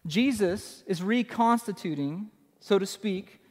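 A man's voice: high-pitched, takes it slowly, a little mellow, big-room sound. A man preaching a sermon as pastor, emphatic and conversational, repeating his key phrases for effect.

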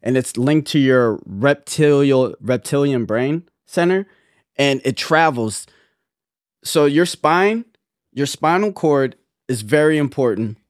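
A man's voice: mid-range voice, lively intonation, slow pace, dry recording. Young man, casual podcast co-host, earnest rambling delivery, dry close sound. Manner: rambling, earnest, many restarts. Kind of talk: casual chat.

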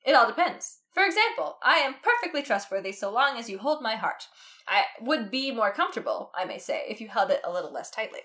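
A courteous, scheming wizard speaks in polished, formal phrases, read aloud by a woman. The voice sits fairly high and moves around a lot in pitch. It is a storybook reading, not full acting. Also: sing-song, brisk, pushed and bright. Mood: suave.

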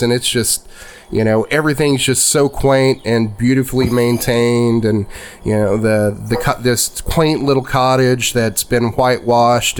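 A man's voice: medium pitch, clear, resonant tone. A man running a tabletop game, describing scenes in a rambling way full of fillers. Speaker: game master.

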